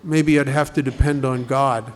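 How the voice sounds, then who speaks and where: A man's voice: medium pitch, steady tone, moderate pace. A man speaking at a recovery group study, talking conversationally and asking many rhetorical questions. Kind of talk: recovery talk.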